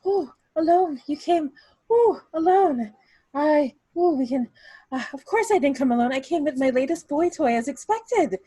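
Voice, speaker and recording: A woman's voice: animated, moderate pace, warm tone, no room sound. A woman voicing a flustered older aunt who gasps melodramatically. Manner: gasping, melodramatic, high and shrill.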